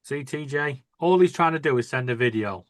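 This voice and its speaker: A man's voice: medium pitch, expressive, brisk, dry recording. A man in casual chat, teasing and joking with the others and swearing freely.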